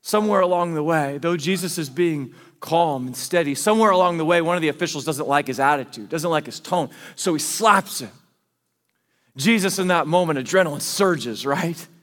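A man's voice: a little high, normal speed, a bit bright, in a large hall. A man preaching a sermon as pastor, telling a scripture story in casual, conversational everyday speech.

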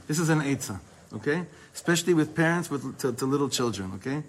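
A man teaching a Torah class to a small group, quickly reading Hebrew passages and then explaining them in English in a lively way. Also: on the high side, slight background noise, poor audio.

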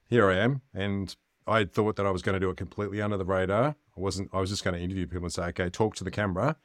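A man hosts a podcast in a relaxed, conversational way, talking quickly and with self-amusement. His voice is very low. The recording is dry and close. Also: no room sound. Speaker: podcast host. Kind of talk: casual chat.

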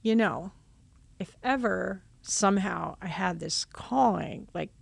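A religious sister telling her vocation story in a casual, animated way, acting out old conversations. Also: mid-range voice, slow pace, vocal fry, breathy edge, no echo. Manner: animated, acts out her own past dialogue with laughs.

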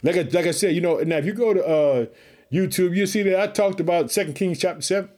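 A man's voice: high voice, fast talker, darkish tone. A man preaching on his podcast, fired up and calling out hallelujah between Bible readings. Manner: fired-up, exclaims hallelujah often.

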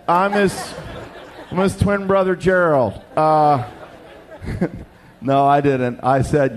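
High-voiced man preaching animatedly. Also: measured pace. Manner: animated storytelling, acts out voices. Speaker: pastor. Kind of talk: sermon.

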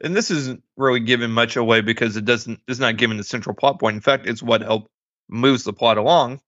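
A man co-hosting a relaxed movie podcast, lively and quick to laugh as he acts out bits of scenes. His voice is bright and forceful. The recording is dry and a bit dull in tone. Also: medium pitch, no room sound. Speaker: podcast co-host. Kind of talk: casual movie review chat.

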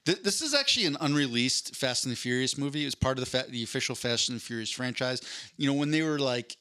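A man's voice: medium pitch, animated, quick pace, bright, forceful tone, dry recording, clean studio sound. A young man co-hosting a podcast, chatting casually in a rambling, joking way with many stumbles and restarts. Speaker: podcast co-host. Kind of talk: casual comedic chat.

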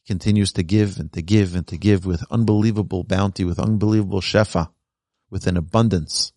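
A man's voice: low voice, brisk, dry recording, clean studio sound. A man teaching a religious class as a rabbi, telling stories and acting out the people in them. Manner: animated storyteller who acts out quoted voices. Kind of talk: storytelling Torah lesson.

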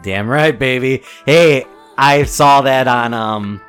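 A man's voice: medium pitch, slow pace, clear, resonant tone, faint music behind. A man hosting a casual podcast chat, telling stories with lots of laughter. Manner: animated storyteller, laughs often. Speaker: podcast host.

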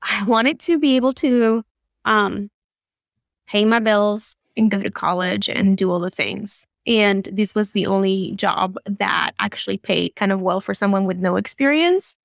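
A young adult woman from Argentina with an Argentine Spanish accent, a guest telling animated stories in an interview. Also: mid-range voice, measured pace, vocal fry, dry recording, studio quality. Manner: animated storyteller, laughs often. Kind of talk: conversational interview.

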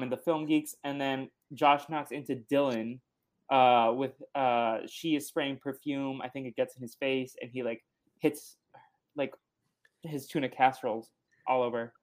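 A man hosting a casual movie podcast at a middle pitch, chatting loosely. He talks in a relaxed way, full of fillers and restarts. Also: measured pace. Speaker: podcast host. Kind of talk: casual chat.

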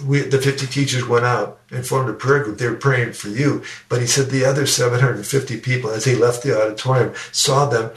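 A man's voice: medium pitch, fairly even intonation, a little fast, few pauses. Older man telling his story in a roomy echo. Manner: earnest, repeats words while telling a story. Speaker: guest educator and speaker. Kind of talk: personal storytelling in a podcast interview. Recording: roomy sound, distant from the mic.

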